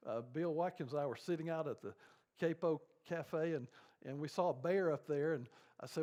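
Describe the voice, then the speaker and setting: A man's voice: a little high, moderate pace, a little mellow. An older man leading a church grief seminar, telling rambling, folksy stories full of fillers.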